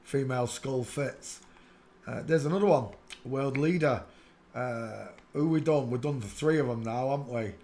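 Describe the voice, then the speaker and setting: A man hosting a live stream, giving casual, mocking running commentary on pictures and greeting viewers by name. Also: normal speed. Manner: excitable, breaks into loud high laughter. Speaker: livestream host.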